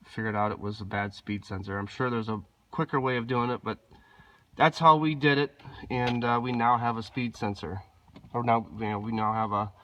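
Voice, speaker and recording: Guy with a cold explaining car wiring, kinda nasal and rough, laid back, lots of uh's, handheld cam. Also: mid-range voice. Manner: relaxed, hesitant, apologetic asides. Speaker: DIY car mechanic. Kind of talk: casual how-to walkthrough. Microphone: handheld camera, filming himself.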